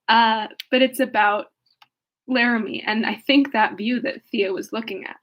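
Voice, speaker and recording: Young woman, fairly high voice, reads a novel aloud, casual musing, laughs a lot, trails off. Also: steady tone, moderate pace, a bit bright. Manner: thoughtful, laughs often, trails off and searches aloud. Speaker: book reader and commentator. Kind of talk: reading a novel aloud, then casual reflection.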